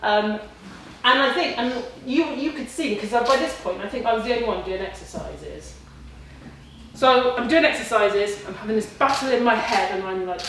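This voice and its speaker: A woman's voice: fairly high pitch, normal speed, slight background noise. A woman in her forties telling a class the story of her kickboxing gradings, acting out her own inner voice and her family's lines. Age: 40s. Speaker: kickboxing student giving a talk. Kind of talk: speech to a class. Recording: distant and very echoey with faint ambience.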